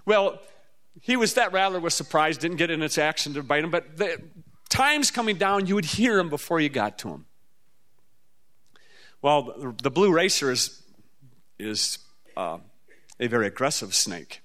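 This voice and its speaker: A man from the Midwestern US, preaching a storytelling sermon in a folksy, animated way with sudden jumps up in pitch. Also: moderate pace, pauses often. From Midwestern US, near the Mississippi River.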